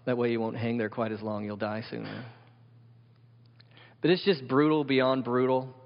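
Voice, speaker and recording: A man's voice: mid-range voice, steady tone, normal speed. A man preaching as pastor, emphatic and asking his listeners question after question. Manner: emphatic, asks the congregation many questions. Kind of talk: sermon. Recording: dull sound with long hall reverb.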